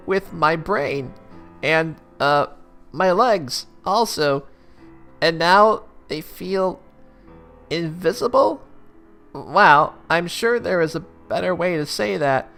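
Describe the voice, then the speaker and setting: A man voicing a shy young male troll who speaks slowly and haltingly. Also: high-pitched, lively intonation, gravelly, bright, forceful tone, faint music behind, pitched above the performer's own voice, full character voice. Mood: hesitant. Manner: hesitant, halting. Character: timid slow-spoken young male troll.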